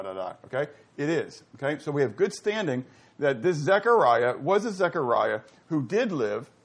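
A man leads a Bible study class in a lively, questioning way. He keeps asking his listeners to answer and leans into loud emphasis on the words that matter. His voice sits a little high for a man. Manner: animated, quizzes the audience, rising to loud emphasis. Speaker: Bible teacher.

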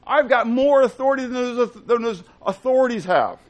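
A pastor preaches a sermon casually at normal speed in a very high-pitched voice. He poses rhetorical questions to the congregation and swings from hushed tones to loud excitement.

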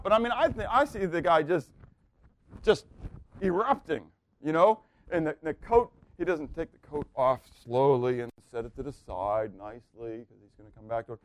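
A man preaching a sermon, asking the room rhetorical questions and swinging from hushed, quiet lines to loud, excited ones. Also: on the high side, moderate pace. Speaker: pastor.

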